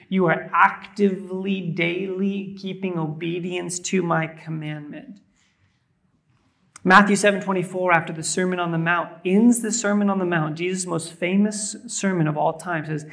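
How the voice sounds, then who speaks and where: A young man with a high-pitched voice preaches to his congregation. He talks loosely and conversationally, with plenty of fillers and asides. He mixes scripture with stories from family life. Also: normal speed. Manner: conversational, storytelling with many fillers. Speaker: pastor. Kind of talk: sermon. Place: church service.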